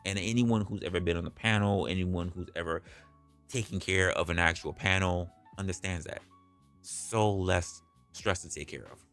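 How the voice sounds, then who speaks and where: A man's voice: sits low, vocal fry. A man hosting a livestream, talking bluntly and casually with plenty of profanity. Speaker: livestream host.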